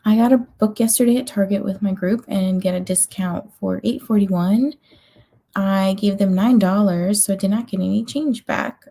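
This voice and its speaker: A woman with a gravelly, mellow, mid-range voice hosts a reading-sprints livestream. She chats casually and reads out viewer comments, sounding sleepy, yawning, and filling her speech with ums and little laughs.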